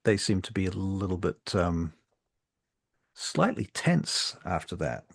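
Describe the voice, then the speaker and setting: Low gravelly guy running a tabletop game, laid-back, lots of ums, dry close sound. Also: takes it slowly, no echo. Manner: relaxed, filler-laden narration. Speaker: game master.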